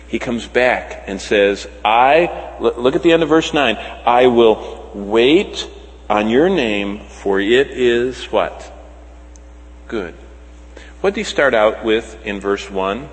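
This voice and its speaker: A man preaching a sermon, swinging between loud emphatic lines and soft, slow ones. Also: medium pitch, slight background noise. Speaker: pastor. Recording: long hall reverb.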